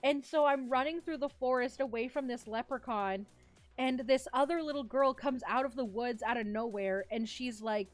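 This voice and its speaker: A young woman streamer chatting casually with her live chat, telling a story in a giggly, animated, rambling way. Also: sits high, normal speed, soft background music. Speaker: vtuber streamer.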